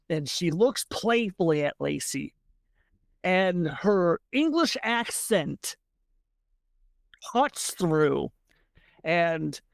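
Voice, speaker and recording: A woman game master narrating a tabletop game. She talks slowly with a lively, expressive rise and fall, on the low side of the women's range. Her descriptions come with casual fillers, and the sound is dry and close. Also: creaky, no echo.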